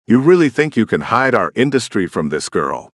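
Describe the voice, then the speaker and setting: A cold, distrustful hacker, as an audiobook narrator puts him on, clipped and dismissive, with a low voice that rises and falls in lively swings. The recording is close and dry. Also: male voice, moderate pace, no echo. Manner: curt, dismissive, accusing. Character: paranoid, suspicious male hacker partner, cold and disapproving.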